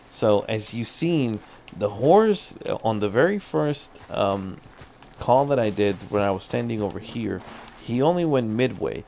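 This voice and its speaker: A man's voice: medium pitch, lively intonation, unhurried, darkish tone, a little hiss or hum. A man streaming live gameplay, commentating, swearing a lot and laughing at his own frustration. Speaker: gaming streamer.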